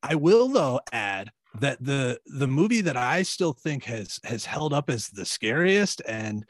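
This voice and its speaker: A man's voice: mid-range voice, very animated, a little slow, no echo. Blunt male podcast co-host, dry sound. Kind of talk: casual chat.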